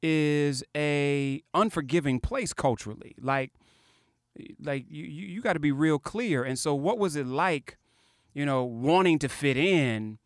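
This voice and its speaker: A man from Chicago's South Side leads a casual interview. He asks probing questions in a thoughtful, halting way. The sound is dry, with no room echo. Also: a little high, expressive.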